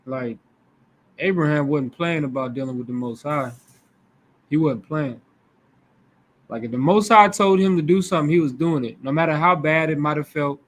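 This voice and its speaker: A young adult man teaching a Bible class in a casual, animated way, acting out the voices he quotes. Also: fairly high pitch, normal speed, pauses often.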